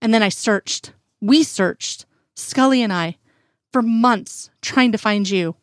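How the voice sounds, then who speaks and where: A woman's voice: on the high side, slow pace, no room sound, clean studio sound. Shaken middle-aged man in denial, voice cracking; woman reader. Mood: anguished denial. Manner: shaking, breaking with emotion. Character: shaken middle-aged male boss, guilt-ridden.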